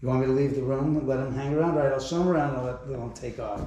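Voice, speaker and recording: A man's voice: medium pitch, fairly even intonation, very fast, dark tone, dull audio. A man giving a haunted house tour, telling stories casually in a rambling, profane way with chuckles between them, inside a bedroom of a large house. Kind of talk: casual storytelling. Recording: very echoey room.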